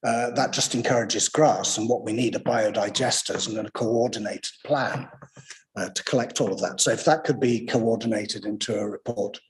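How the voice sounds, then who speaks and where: A man's voice: lowish voice, moderate pace. A man chairing a council committee, courteous and wordy as he thanks and calls on speakers.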